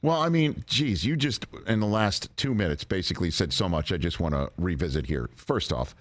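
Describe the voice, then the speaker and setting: A man's voice: low voice, lively intonation, brisk. A man hosting a studio talk show interview, affable and teasing, starting his questions hesitantly. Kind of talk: interview chat.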